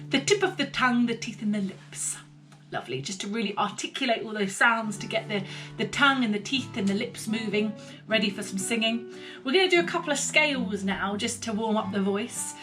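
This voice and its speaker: A woman leading a vocal warm-up lesson, gently encouraging and often saying "lovely.". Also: on the high side, animated, a little fast. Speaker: singing teacher. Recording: guitar music behind the voice.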